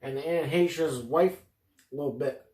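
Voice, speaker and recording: A podcast host whose slightly high voice has a dark tone talks a little slowly in a reverberant room. He delivers a rambling, improvised comedy monologue, cursing freely and drifting from one tangent to the next.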